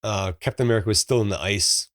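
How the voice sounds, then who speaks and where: A man's voice: lowish voice, quick pace, fairly bright tone, no room sound. Chatty man, dry close sound. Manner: chatty storyteller, frequent fillers and laughs. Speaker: podcast co-host. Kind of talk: casual movie review chat.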